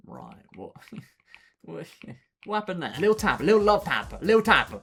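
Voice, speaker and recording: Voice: mid-range voice, sing-song, normal speed, creaky, fairly bright tone, husky, soft background music. A game streamer giving live, playful commentary, chatting to viewers and to the trains on screen and laughing often.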